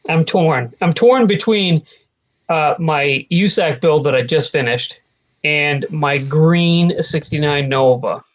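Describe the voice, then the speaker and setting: A man chatting as a podcast guest, slow and thoughtful, hesitating over his answer. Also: on the high side, muffled recording. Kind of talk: casual chat.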